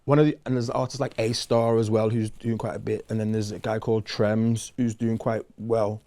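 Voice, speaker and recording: A man, chatting casually as a musician guest in an interview, relaxed and loose with lots of fillers. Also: on the low side, moderate pace.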